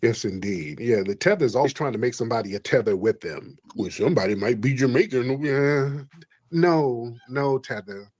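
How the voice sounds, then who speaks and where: A man's voice: mid-range voice, lively intonation, normal speed, darkish tone, breathy edge, no room sound. A man hosting a call-in livestream, preachy and emphatic, repeating his points. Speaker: livestream host. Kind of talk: combative call-in livestream talk.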